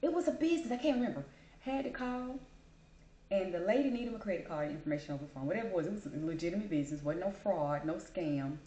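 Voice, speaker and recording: Woman vlogger spinning a story, super animated, colloquial, mellow voice in an echoey room. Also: fairly low pitch, fast. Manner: animated and colloquial, calls people honey and baby. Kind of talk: casual storytelling.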